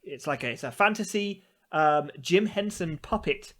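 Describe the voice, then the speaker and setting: A man co-hosting a podcast, telling a story with animated, mocking exasperation in casual chat. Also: on the high side, moderate pace. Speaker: podcast co-host.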